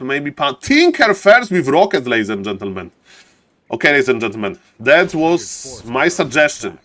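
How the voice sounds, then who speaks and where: A man's voice: mid-range voice, dry recording. Non-native male esports caster, showman patter with chat asides; dry, close sound. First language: not English. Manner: showman-like, keeps repeating "ladies and gentlemen"; chatty, greets viewers and jokes with chat. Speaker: streamer and game caster. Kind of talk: live esports commentary.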